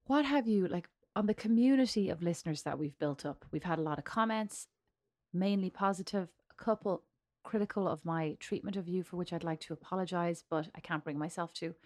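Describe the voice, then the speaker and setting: A woman's voice: lowish voice, fairly quick, a little mellow. A middle-aged woman with an Irish accent co-hosting a podcast in casual chat, teasing and rambling, laughing often. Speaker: podcast co-host.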